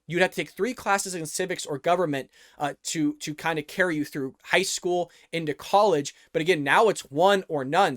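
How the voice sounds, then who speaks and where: Earnest male vlog host from the US, slightly high voice, dry close recording. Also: fairly bright tone, dry recording. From United States. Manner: earnest, repeats words and restarts, addresses viewers as folks. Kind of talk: political commentary vlog.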